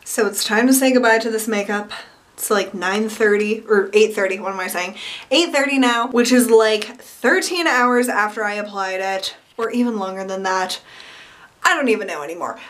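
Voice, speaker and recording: Young woman vlogging, lots of likes and ums, kinda high voice, casual. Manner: chatty, filler-heavy with frequent "like" and "um". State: morning voice. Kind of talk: casual vlog chat.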